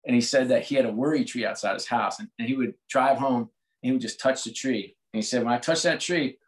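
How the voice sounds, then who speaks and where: A man's voice: mid-range voice, fast, poor audio. A man in his forties from the United States, speaking candidly and reflectively as an interview guest, often restarting his sentences. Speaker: guest, sports executive. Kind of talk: conversational interview.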